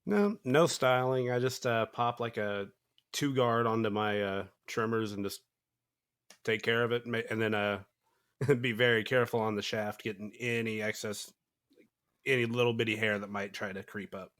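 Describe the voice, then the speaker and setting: A man guesting on a podcast, answering quietly and hesitantly. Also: lowish voice, fairly even intonation, normal speed. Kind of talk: casual podcast banter.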